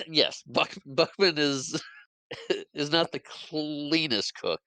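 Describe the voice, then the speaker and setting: A man co-hosting a podcast, recapping movie scenes in casual chat, acting out the characters' lines in quick quoted bits and laughing often. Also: fairly high pitch, gravelly, pushed and bright, dry recording, poor audio. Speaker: podcast co-host.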